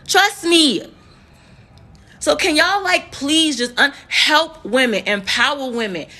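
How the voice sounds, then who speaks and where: A woman's voice: high-pitched, lively intonation, a little slow, bright, forceful tone. A woman in her thirties from the United States, a nurse, telling a heated, profane story to her viewers and repeating words for emphasis. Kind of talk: emotional storytime vlog.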